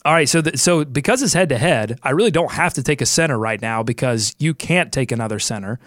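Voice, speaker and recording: A man's voice: medium pitch, lively intonation, fairly quick, a bit bright, dry recording. Upbeat male podcast host, dry sound. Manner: upbeat, jokey, thinking aloud while picking. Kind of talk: casual sports podcast chat and ad read.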